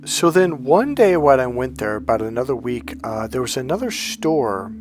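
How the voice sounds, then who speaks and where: A man's voice: medium pitch, very animated, normal speed, soft background music. A middle-aged man speaks in an everyday mid-range voice, coaching viewers through a casual monologue. He tells his own experiences candidly and bluntly, swearing freely as he goes. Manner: candid, profane storytelling.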